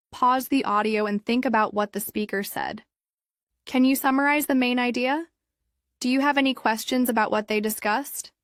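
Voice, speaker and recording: A woman narrating a scripted English listening lesson in a calm, measured, explanatory way. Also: on the high side, no echo, studio quality. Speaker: English teacher.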